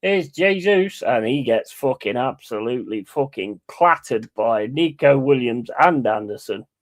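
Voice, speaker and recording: A man hosting a football watch-along, calling play-by-play in a blunt, excitable and heavily sweary way. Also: mid-range voice, a little slow. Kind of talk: live match commentary.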